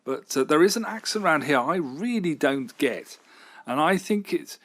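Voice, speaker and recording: A man's voice: on the high side, animated, normal speed, fairly bright tone. A middle-aged man, a radio station manager, answering interview questions in an enthusiastic, rambling way with fillers and restarts.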